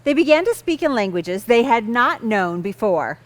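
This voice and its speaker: A woman's voice: on the high side, very animated, moderate pace. A woman hosting a kids' church lesson, reading a Bible story patiently while keeping a joking partner on track. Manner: patient, gently amused, keeps the story on track.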